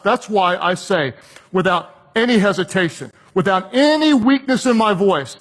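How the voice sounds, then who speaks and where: A man preaching and telling a personal story, animated, acting out the voices of the people in it. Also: sits high, normal speed. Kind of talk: sermon storytelling.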